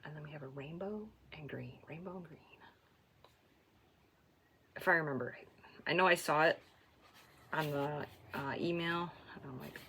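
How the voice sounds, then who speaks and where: A woman hosting a knitting podcast, chatting casually and self-deprecatingly, often trailing off into soft asides. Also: sits low, moderate pace, long pauses, slight background noise. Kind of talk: casual stash-tracking chat.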